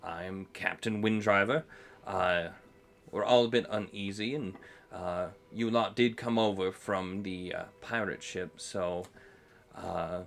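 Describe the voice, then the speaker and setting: A stiff, cautious middle-aged ship captain, played by a man running the game. He speaks formally and haltingly in a fairly low voice. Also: steady tone, creaky, a bit bright, exaggerated voice. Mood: wary.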